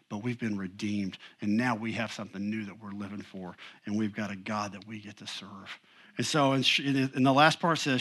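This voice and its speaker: A man's voice: lowish voice, fairly even intonation, moderate pace, a bit bright. Male pastor, 40s, conversational sermon delivery, emphatic, folksy asides. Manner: conversational, emphatic, frequent "you know".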